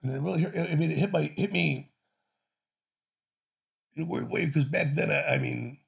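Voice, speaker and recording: A man's voice: fairly high pitch, normal speed, vocal fry, breathy edge. A man from Chicago casually telling a personal story, rambling and profane with many restarts. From Chicago, USA.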